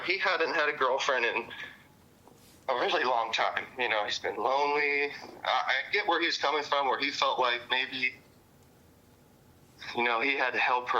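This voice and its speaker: Man, witness, rambling and profane, sharp tense voice, muffled phone-line sound. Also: mid-range voice. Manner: rambling with many fillers and cussing. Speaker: witness interviewed by police. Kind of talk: casual recounting.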